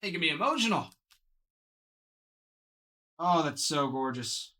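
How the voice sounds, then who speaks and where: A man's voice: on the high side, lively intonation, a little slow, sharp tone. A man hosting a live card box break, talking to viewers by name and gushing over each card.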